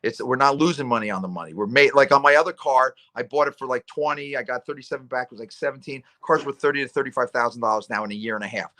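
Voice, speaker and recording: A middle-aged man hosting a casual chat, rambling through animated stories and acting out voices. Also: mid-range voice, quick pace, few pauses. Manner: rambling, animated storyteller who acts out voices. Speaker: talk show host.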